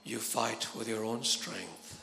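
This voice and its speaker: A man preaching a sermon, emphatic and repetitive, swinging from loud, driving lines to hushed, slow ones. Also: fairly low pitch, steady tone, gravelly, long reverb tail, slight background noise.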